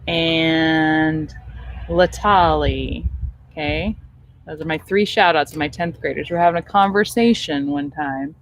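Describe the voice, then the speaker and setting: A middle-aged American woman, a teacher, chatting casually to her students in a vlog, laughing easily as she tells stories. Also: low-pitched. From suburban United States.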